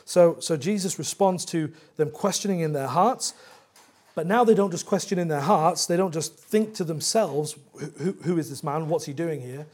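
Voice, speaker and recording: Pastor with a high, bright-sounding male voice working through scripture, earnest and emphatic. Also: normal speed. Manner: earnest expository preaching, rising to emphatic. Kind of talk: sermon.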